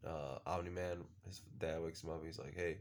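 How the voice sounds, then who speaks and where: A man's voice: extremely low pitch, fairly even intonation, moderate pace. A man casually recapping a show episode, rambling with lots of fillers and the odd swear word. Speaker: show reviewer.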